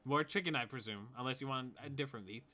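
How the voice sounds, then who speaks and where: A man's voice: medium pitch, fast. A man voicing a chatty, polite male innkeeper in a tabletop game. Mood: friendly. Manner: hearty, raised voice, yells upstairs to the kitchen. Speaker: tavern keeper.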